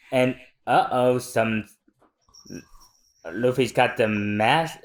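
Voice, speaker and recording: Unhurried male podcast host. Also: medium pitch, fairly bright tone. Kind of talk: casual readthrough chat.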